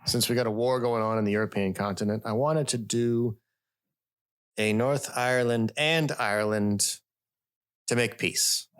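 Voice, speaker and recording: A man's voice: medium pitch, steady tone, measured pace, clear, resonant tone. A man hosting a podcast, chatting casually with playful, hammy introductions. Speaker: podcast host. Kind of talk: casual chat. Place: studio.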